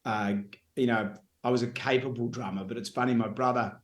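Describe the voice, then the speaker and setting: An Australian man and radio host, telling lively anecdotes in casual chat and acting out the quotes. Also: medium pitch, fairly quick, roomy sound. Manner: animated anecdotes with acted-out quotes.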